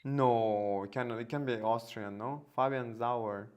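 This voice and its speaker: A man's voice: medium pitch, measured pace, darkish tone. A man hosting a casual live stream, talking hesitantly with many fillers and restarts. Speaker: host.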